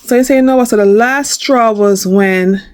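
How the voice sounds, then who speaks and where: A middle-aged woman with a New York accent telling a personal story in a casual vlog, chatty and animated. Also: on the high side, normal speed. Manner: animated, chatty, acts out quoted talk. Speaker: vlogger.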